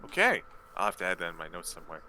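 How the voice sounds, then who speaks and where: A man's voice: deep voice, very animated, racing, sharp tone, a little hiss or hum, low-quality recording. A man playing a tabletop game, asking curious questions. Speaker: player. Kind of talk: casual tabletop play.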